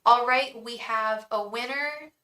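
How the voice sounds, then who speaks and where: Woman, tarot reader, live-stream host, effusive chat, slightly high voice, roomy echo. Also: takes it slowly, sharp tone. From England. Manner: chatty and effusive, greeting viewers by name, frequent ums and restarts.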